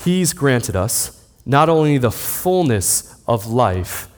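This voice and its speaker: A man in his thirties delivering a sermon like he is chatting with friends. His pitch swings widely as he tells stories and reads from scripture. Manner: conversational storytelling preacher. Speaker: pastor.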